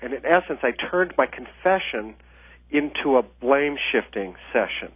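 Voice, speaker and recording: A man speaks as a radio interview guest, coming through a thin, tinny phone line with a dry, close sound. He explains in an earnest, patient way, often pausing on small fillers as he thinks. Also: mid-range voice, animated, breathy edge, no echo. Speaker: author and ministry leadership trainer.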